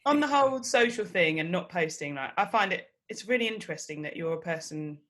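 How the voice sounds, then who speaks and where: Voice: mid-range voice, animated, brisk, a bit bright. A person speaking thoughtfully and reflectively in a casual podcast panel discussion.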